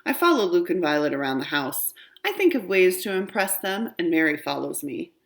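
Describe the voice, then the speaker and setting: A woman's voice: on the low side, very animated, moderate pace, vocal fry. A woman reading a children's book aloud, narrating expressively in a young girl's first-person voice. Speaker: audiobook reader.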